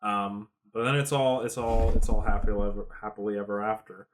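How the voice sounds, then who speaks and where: A tipsy man co-hosting a podcast, giving a sarcastic, swear-filled film review and mocking the characters in quick put-on voices. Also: on the low side, steady tone. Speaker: podcast co-host. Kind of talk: casual film review chat.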